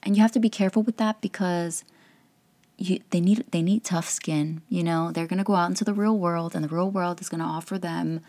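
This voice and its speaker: A woman in her thirties talks through parenting advice in a candid, chatty podcast monologue. Her voice sits on the low side with a gravelly edge, and she laughs often. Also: steady tone, brisk, warm tone. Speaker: podcast host and life coach.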